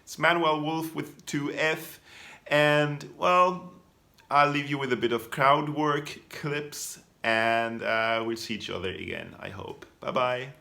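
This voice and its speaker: A man's voice: medium pitch, fairly even intonation, slow, gravelly, pushed and bright. A man hosting a comedy show, casually talking to viewers in a loose, rambling way and chuckling at his own slips.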